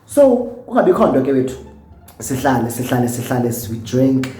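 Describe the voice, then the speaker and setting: A man's voice: medium pitch, very animated, brisk, warm tone, faint music behind. Tipsy south african guy doing a storytime vlog, acts out all the quotes, echoey room. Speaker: YouTuber.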